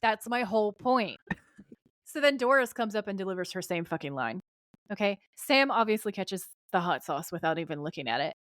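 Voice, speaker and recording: A woman co-hosting a podcast, recapping a TV episode in casual chat, animated and swearing freely. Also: lowish voice, a little fast, no echo, studio quality. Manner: animated, swears freely, acts out quoted lines. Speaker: podcast co-host.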